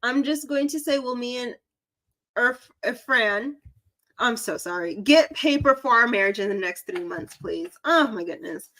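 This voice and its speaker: A woman's voice: on the high side, lively intonation, a little slow, fairly bright tone, poor audio. A young woman with a light Southern drawl, chatting and giggling as she gives tarot readings on a live stream. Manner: chatty, giggly, self-deprecating. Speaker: psychic reader.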